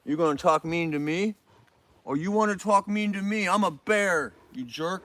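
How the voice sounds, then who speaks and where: A man's voice: high-pitched, moderate pace, fairly bright tone. Man voicing a sassy mother bear. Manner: mock-indignant talking back.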